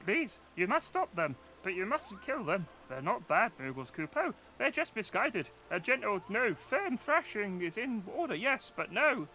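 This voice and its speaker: Tiny flustered moogle creature, high and squeaky, swoops up and down a lot, bright and sharp, as a man does the voice. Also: big pitch swings, a little slow, few pauses, a little hiss or hum, heavily acted, poor audio. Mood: pleading. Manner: pleading, flustered, second-guessing himself. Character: small fretful male Moogle creature.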